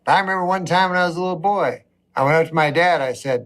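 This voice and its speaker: Deadpan, rambling male comedian. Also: a little high, quick pace. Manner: deadpan, rambling, mock-outraged asides. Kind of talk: deadpan stand-up storytelling.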